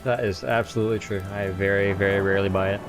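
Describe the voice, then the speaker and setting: A man's voice: lowish voice, steady tone, quick pace, music in the background. A man streaming a video game and chatting casually with friends, teasing them and swearing freely. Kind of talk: casual gaming chat.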